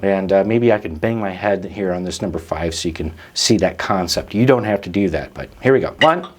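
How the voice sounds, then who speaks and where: A man's voice: sits low, brisk. A man hosting a drum lesson, explaining rhythms patiently and counting the beats aloud. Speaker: drum teacher and host.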